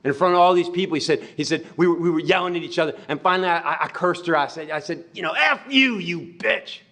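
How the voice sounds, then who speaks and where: Man retelling a story, slightly high-pitched. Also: very fast. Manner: animated retelling of a friend's words, repeating "he said". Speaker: speaker. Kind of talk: storytelling talk.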